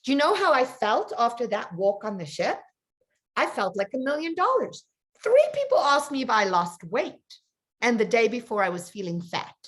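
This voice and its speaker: Brief: woman coach, storytelling to her group, bright higher voice, pitch jumping all over. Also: moderate pace. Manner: animated, chatty storyteller addressing her group. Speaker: confidence coach. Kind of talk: storytelling in an online coaching session.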